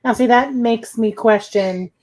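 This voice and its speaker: A woman's voice: on the high side, unhurried, a little mellow, poor audio. Woman host asking curious questions. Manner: curious, short reactions. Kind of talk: interview.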